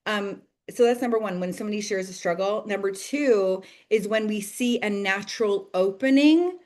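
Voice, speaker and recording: A woman in her thirties leading a direct-sales team call, chatty and enthusiastic, full of "like"s and "you guys" and quick laughs. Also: mid-range voice. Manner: bursts of laughter and excited acted-out quotes. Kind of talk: casual motivational team call.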